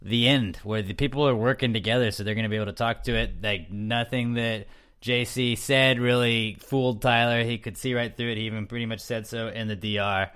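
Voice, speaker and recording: A man's voice: mid-range voice, steady tone, fairly quick, a bit bright, clean tone. Rambling young man hosting a podcast. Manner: rambling, loose, joking, full of fillers. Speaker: podcast host. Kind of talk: casual recap chat.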